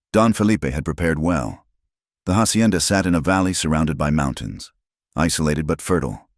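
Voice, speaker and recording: Deep male narrator, even storytelling voice, dry close sound. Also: dry recording. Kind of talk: scripted narration.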